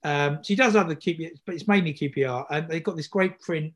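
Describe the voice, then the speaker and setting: A man's voice: on the high side, quick pace, a bit bright. A man hosting a podcast, chatty and upbeat with plenty of fillers. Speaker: podcast host. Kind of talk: casual podcast chat.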